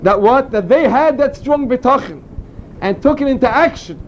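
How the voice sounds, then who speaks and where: Male Torah teacher with an unusually high voice, earnest storytelling tone, dull lo-fi recording with a faint vehicle rumble underneath. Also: expressive, normal speed. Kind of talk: informal Torah class.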